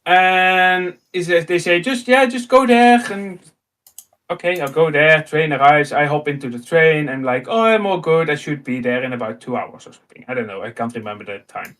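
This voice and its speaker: A man in his thirties with a Dutch accent, telling an animated personal story in casual chat and acting out the dialogue. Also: fairly high pitch, moderate pace. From Netherlands. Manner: animated, acts out dialogue, laughs often. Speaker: host.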